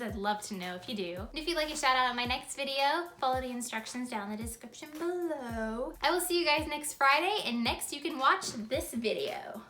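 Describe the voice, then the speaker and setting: A woman's voice: sits high, animated, brisk, hardly any pauses, pushed and bright, echoey room. A young woman vlogger unboxing toys, gushing and giggling and cooing over each one. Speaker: YouTube vlogger. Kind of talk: toy unboxing vlog.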